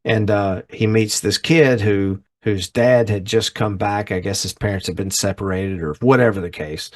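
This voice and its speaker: On a podcast recording, a middle-aged co-host chats casually, retelling a story scene by scene and acting out the voices of the people in it. His voice is fairly low and darkish, with a steady tone at normal speed.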